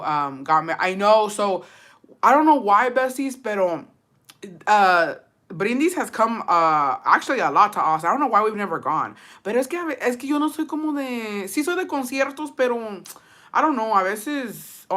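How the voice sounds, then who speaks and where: With a medium pitch and sharp tone, the Texas streamer talks casually to her audience. She swears freely and mixes Spanish with English as she chats.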